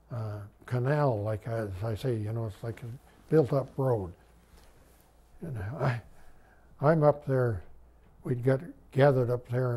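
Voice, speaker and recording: An older veteran recounts his memories in a loose, folksy way, often stopping to restart a sentence. His voice is mellow and dark, with a husky edge. He sits at a middling pitch for a man. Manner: rambling, folksy, many restarts. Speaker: WWII veteran interviewee. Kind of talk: oral history storytelling.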